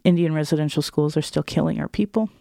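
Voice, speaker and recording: A woman's voice: sits low, quick pace, vocal fry, dark tone, no room sound, studio quality. A woman activist speaking as an interview guest, earnest and direct.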